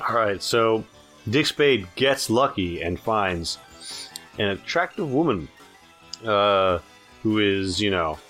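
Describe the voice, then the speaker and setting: A man with a fairly low voice narrates as game master, talking casually and jokily, often stopping and restarting mid-sentence. Faint music runs underneath. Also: animated, a bit bright. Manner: casual, halting, jokey.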